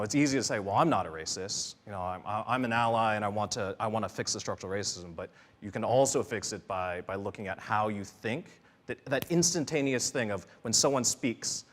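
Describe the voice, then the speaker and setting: A man speaking as a panelist in an earnest, searching way, with many fillers, restarts and "right?" tags. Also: mid-range voice. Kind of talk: panel discussion talk. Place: church hall. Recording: long hall reverb.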